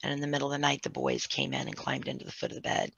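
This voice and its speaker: A woman candidly recounting a painful family story in an emotional way, with vocal fry. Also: very deep voice, big pitch swings, very fast, a bit bright, dry recording. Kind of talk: personal storytelling. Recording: dull, dry lo-fi sound.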